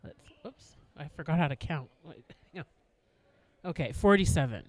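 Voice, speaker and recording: High, lively podcast host. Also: male voice, moderate pace. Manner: laughs a lot, echoes the guest. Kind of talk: casual chat, interviewing.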